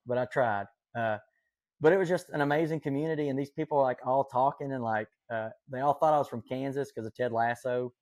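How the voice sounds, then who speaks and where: A man's voice: medium pitch, a little mellow, dry recording. Folksy Southern Appalachian man. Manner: enthusiastic, folksy, lots of fillers. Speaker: podcast guest. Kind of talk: casual storytelling chat.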